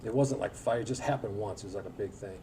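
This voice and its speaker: A man's voice: lowish voice, fast talker, vocal fry, mellow, distant mic, slight background noise, poor audio. Folksy man telling stories from afar. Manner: folksy storytelling with frequent filler words and self-deprecating humor. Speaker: alumni guest speaker. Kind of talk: anecdotal speech to an audience. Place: event hall at a school breakfast.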